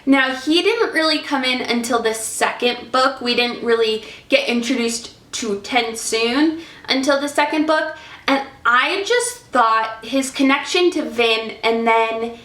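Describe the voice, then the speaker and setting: Slow, effusive woman vlogger, echoey room. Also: sits high, fairly bright tone. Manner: effusive, emotional, chatty. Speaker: book vlogger. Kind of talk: casual book review vlog.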